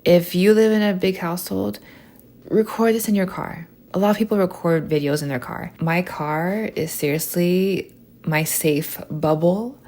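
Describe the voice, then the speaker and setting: A young woman talks through a soft, stream-of-consciousness podcast episode in a slow, gravelly voice. She rambles casually, with plenty of "like" and "you know" fillers, and sits a little below the usual pitch. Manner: chatty, many "like" fillers, soft and unfiltered. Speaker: podcast host.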